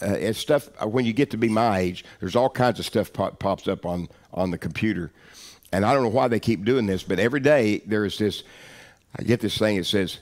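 A middle-aged man preaching a sermon, telling a story and repeating phrases for emphasis, dropping low and quiet then rising loud and emphatic. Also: a little fast. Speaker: pastor.

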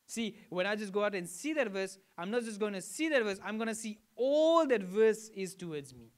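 A pastor from Fiji delivers a sermon at normal speed, his high-pitched male voice swinging widely in pitch. His teaching style is conversational, and he often pauses to ask the congregation questions.

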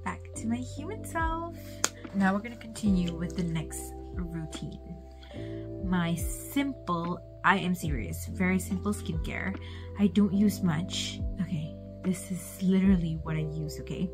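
A woman's voice: on the low side, a little slow, music in the background. A young woman vlogging her night routine in a chatty way, often dropping to a whisper. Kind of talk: casual vlog narration.

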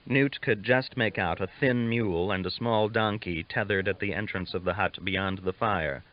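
A man reading a novel aloud as an audiobook narrator, steady and measured, on a dull lo-fi recording. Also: on the low side. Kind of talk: scripted narration.

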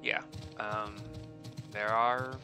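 A man's voice: fairly low pitch, flat delivery, very slow, music in the background. A man narrating his gameplay in a chatty, rambling, self-deprecating way. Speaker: gaming channel host.

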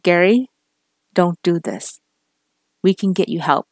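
A woman's voice: on the low side, takes it slowly, no room sound. Woman playing a tough protective detective, urgent, commanding, dry close sound.

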